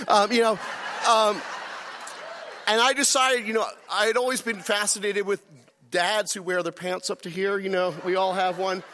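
A man's voice: high-pitched, normal speed, sharp tone. A middle-aged man telling a personal story to an audience, self-deprecating and laughing through it.

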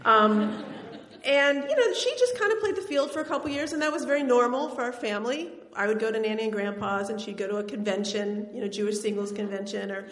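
A woman's voice: fairly high pitch, a little fast, fairly bright tone. Wry woman storyteller in an echoing hall. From Tennessee, US South. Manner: conversational, wry and laughing. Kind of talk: personal storytelling on stage. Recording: roomy hall reverb.

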